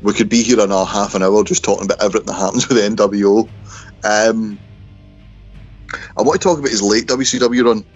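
A man's voice: lowish voice, steady tone, fast, soft background music. A man co-hosting a casual wrestling podcast, recapping events in a wry, storytelling way. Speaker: podcast co-host. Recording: dull, lo-fi remote call.

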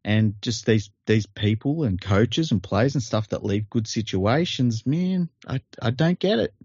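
A man with an Australian accent co-hosting a podcast, talking sport in a laid-back, halting way. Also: lowish voice, animated, darkish tone, husky, no room sound, dull audio. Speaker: podcast co-host. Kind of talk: casual sports chat.

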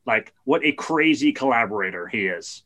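A man in casual podcast chat, telling a story in an animated, excited way. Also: mid-range voice, moderate pace.

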